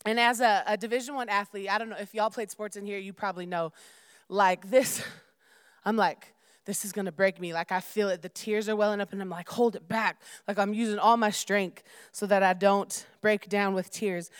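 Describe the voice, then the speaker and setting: Smooth-voiced young woman preaching casually. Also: mid-range voice, steady tone, a little fast, no echo, clean studio sound. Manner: informal, addresses listeners as y'all, prays and reads aloud. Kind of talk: sermon.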